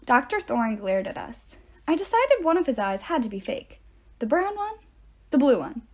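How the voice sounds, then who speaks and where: A woman's voice: sits high, very animated, normal speed. Woman reading a novel aloud. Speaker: narrator. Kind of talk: audiobook-style reading aloud.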